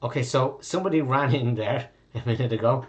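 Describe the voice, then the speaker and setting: A man's voice: mid-range voice, fairly quick, dull audio. A man with an Irish accent narrating as game master, rambling with fillers and the odd swear.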